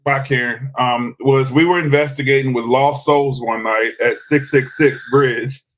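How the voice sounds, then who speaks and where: A man's voice: medium pitch, steady tone, unhurried, fairly bright tone. A man, chatting casually as co-host of a live podcast, rambling with hesitant restarts. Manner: rambling, hesitant restarts, defensive when teased. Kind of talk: casual live-stream chat.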